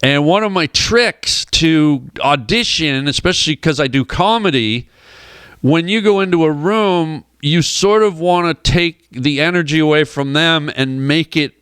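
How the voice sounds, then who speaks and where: Man, comedian guest, smooth resonant voice, slightly high, dry studio sound. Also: measured pace, a bit bright, no room sound. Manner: acts out the people in his anecdotes, rambling and comic. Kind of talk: animated storytelling on a radio show. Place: radio studio.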